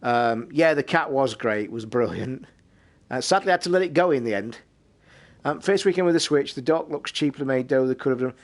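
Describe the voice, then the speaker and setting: A man's voice: mid-range voice, fairly quick. A British man hosting a live stream, telling a rambling story in a casual, swear-filled way. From United Kingdom. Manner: swears constantly, rambling and animated. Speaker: streamer and podcast host.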